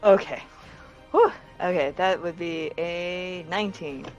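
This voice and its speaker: Slow, giggly tabletop player. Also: medium pitch, lo-fi sound, over loud music. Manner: giggly, laughs often. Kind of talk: casual tabletop game play.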